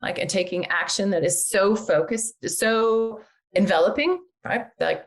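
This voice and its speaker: Gravelly, chatty older woman. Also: mid-range voice, unhurried. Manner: chatty, animated, many fillers and laughs. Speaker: guest, real estate agent and investor. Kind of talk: casual podcast interview.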